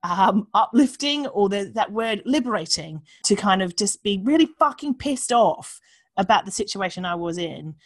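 A woman talking candidly as a guest, frank and animated, swearing freely and acting out the voices she quotes. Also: medium pitch, normal speed, no room sound. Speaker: podcast guest. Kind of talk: candid conversational chat.

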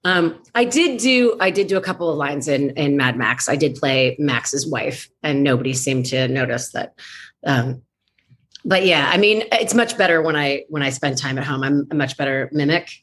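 Playful woman voice actress, low-ish voice. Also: expressive, normal speed, a bit bright. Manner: playful, self-mocking, many restarts. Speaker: voice actress guest. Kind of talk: casual interview chat.

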